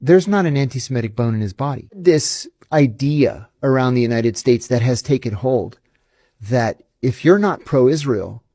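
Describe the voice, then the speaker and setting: Gravelly man telling emphatic stories. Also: medium pitch, expressive, moderate pace, mellow, no echo, clean studio sound. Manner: emphatic, indignant storytelling. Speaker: former intelligence officer. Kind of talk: interview storytelling.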